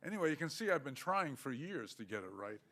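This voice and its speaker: An older man giving an academic lecture, measured and halting, with many fillers. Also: mid-range voice, big pitch swings, fairly bright tone. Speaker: guest lecturer.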